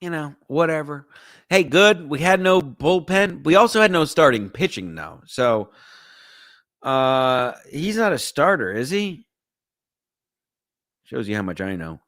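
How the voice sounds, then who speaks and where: A man's voice: on the high side, big pitch swings, a little slow, long pauses, fairly bright tone, no echo, clean studio sound. A man hosting a sports podcast livestream, reading the chat aloud and bantering crudely in a rambling, joking way.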